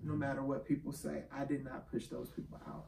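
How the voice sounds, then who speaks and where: Gravelly man speaking heartfelt in an echoey room. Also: mid-range voice, level tone, fairly quick, darkish tone. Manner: heartfelt, emotional. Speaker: podcast co-host. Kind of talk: casual chat. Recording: echoey room, mic at a distance, faint ambient noise.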